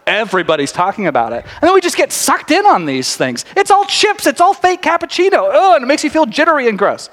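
High-voiced man preaching fast in a reverberant sanctuary. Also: wildly swooping pitch, a bit bright. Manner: fast, chatty and self-interrupting, often laughing. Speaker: pastor. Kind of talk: sermon. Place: church sanctuary before a congregation. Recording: long reverb of a large sanctuary.

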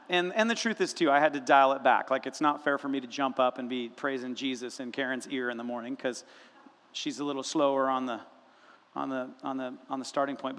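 A man preaching a sermon as a pastor, telling stories in an animated, humorous way in a church sanctuary. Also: mid-range voice. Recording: long reverb of a large room.

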